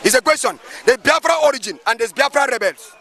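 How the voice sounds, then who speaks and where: A man's voice: extremely high pitch, lively intonation, fast talker, pushed and bright, a faint crowd. A male pastor with a Nigerian accent, giving emphatic, preachy street commentary outdoors and firing off rhetorical questions.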